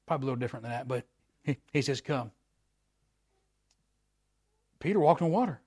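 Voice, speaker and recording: A man preaching a sermon in a folksy, repetitive way that swells louder at the high points. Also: expressive, racing, husky.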